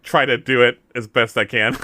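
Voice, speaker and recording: A woman's voice: a bass voice, steady tone, normal speed, bright, forceful tone. A woman playing in a tabletop role-play, joking, giggling and saying "like" a lot. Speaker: player. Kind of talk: casual role-play chat.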